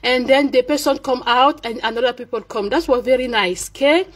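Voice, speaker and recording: A woman's voice: high-pitched, fairly quick. A woman whose first language is French, speaking hesitantly in a casual message and switching between English and French with many fillers. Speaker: vlogger speaking to a fellow live-streamer.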